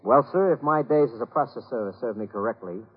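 A man playing a fast-talking wisecracking detective. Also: mid-range voice, husky, close to an everyday voice. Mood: flippant. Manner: flip, wisecracking. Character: cocky young male detective, hard-boiled, flippant. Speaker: wisecracking private detective narrator. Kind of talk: 1950s radio drama acting. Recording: muffled old 1950s radio broadcast with music.

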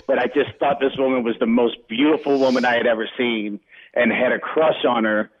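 Casting: earnest male caller from Ohio, halting and heartfelt, over a tinny phone line. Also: medium pitch, fairly even intonation, background noise. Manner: earnest, halting, repeats words. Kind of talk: phoned-in dedication.

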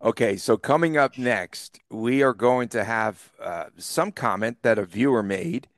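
A man from the East Coast co-hosting a sports podcast, chatting casually and telling animated stories with frequent laughs. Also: medium pitch, measured pace, no echo, clean studio sound. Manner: laughs often, animated storyteller. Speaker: podcast co-host.

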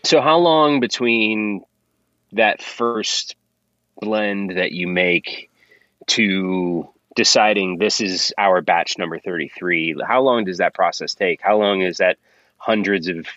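A man interviewing a guest, drawing out joking questions. His voice is very low and he speaks unhurriedly. The recording is dry and slightly dull. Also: slow pace, fairly bright tone, no echo. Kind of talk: casual interview talk.

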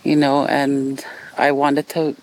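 A woman's voice: rumbling low, monotone, slow pace, a little mellow, low-quality recording. A middle-aged woman from Canada, speaking in a reflective documentary interview, hesitant, with many fillers and restarts.

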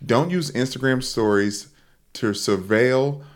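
A man co-hosting a sports podcast in casual chat, with a dry, deadpan humor. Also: mid-range voice, slow pace. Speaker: podcast co-host.

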